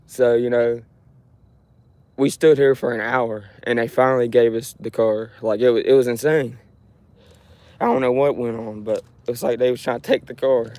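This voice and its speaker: A man's voice: mid-range voice, steady tone, normal speed, darkish tone. Rambling man telling a frustrated story. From Ohio, USA. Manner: rambling, frequent restarts and swearing. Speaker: livestreamer. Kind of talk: casual livestream storytelling.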